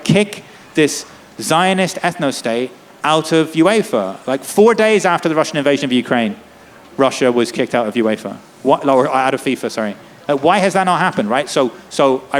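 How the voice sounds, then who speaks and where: A man speaking with passion and urgency, a lawyer and activist, peppering his talk with "like" and "right?". He speaks in a festival tent, with a faint hum of noise behind him. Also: fairly high pitch. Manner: impassioned, rapid, many "like" and "right?" tags. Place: festival tent before an audience.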